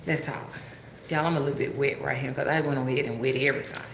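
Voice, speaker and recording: Deep-voiced southern lady, alabama drawl, rambly livestream chat, echoey room w some hiss. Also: fairly even intonation, fast, creaky. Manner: rambling, drawling, asks listeners if they understand. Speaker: spiritual rootworker livestreamer. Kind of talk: casual livestream talk.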